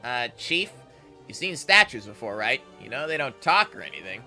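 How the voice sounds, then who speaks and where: A man's voice: mid-range voice, big pitch swings, moderate pace, gravelly, pushed and bright, faint music behind, exaggerated voice. A man doing a sarcastic talking skull. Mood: mocking. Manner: sarcastic, mocking. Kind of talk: reading game dialogue aloud.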